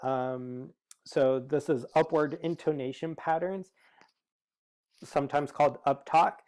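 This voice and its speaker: A man's voice: on the high side, steady tone, a little slow, a little mellow. A man giving a lecture, explaining his points steadily with frequent filler words. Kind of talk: recorded lecture.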